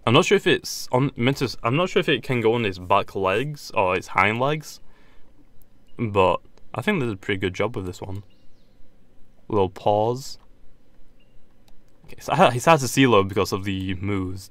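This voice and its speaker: A young man talks through a game with a slightly hoarse, low voice, rambling and restarting his sentences as he goes. The recording is dry and close, with no room sound around him. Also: fairly bright tone, no room sound. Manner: rambling, hesitant, frequent restarts and laughs. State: losing his voice. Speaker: gaming YouTuber. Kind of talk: casual gameplay commentary.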